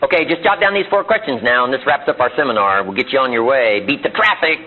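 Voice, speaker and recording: A man's voice: medium pitch, expressive, quick pace, narrow, tinny audio, a little hiss or hum. A man giving a live motivational seminar speech in a room, driving his points home with emphatic rhetorical questions and repetition, heard on an old archival recording. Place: seminar room before an audience.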